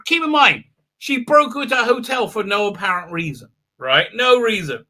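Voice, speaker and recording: Bright, high-voiced man ranting sarcastically. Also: animated, normal speed. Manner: rambling, filler-heavy, sarcastic. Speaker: show host. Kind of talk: casual live-stream episode recap.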